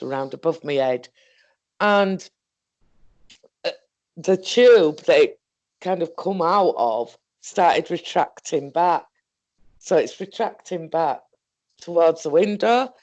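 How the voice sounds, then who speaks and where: A woman with a Northern English accent telling a story in a casual, halting, rambling way, swearing often. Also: deep voice, darkish tone, dry recording, highs cut off. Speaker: guest recounting an experience.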